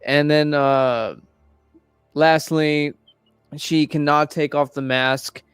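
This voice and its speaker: A young man in casual chat, rambling and swearing a lot while retelling a story with animated energy. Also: fairly high pitch, slow, clean tone, dry recording, faint music behind. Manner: acts out quoted characters in raised voices. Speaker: podcast host.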